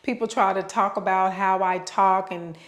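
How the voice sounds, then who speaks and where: A woman speaking at a middle pitch gives an unscripted motivational talk. She addresses the listener directly and repeats words for emphasis. She drags out her words in a preaching cadence. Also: steady tone, normal speed. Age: adult with children.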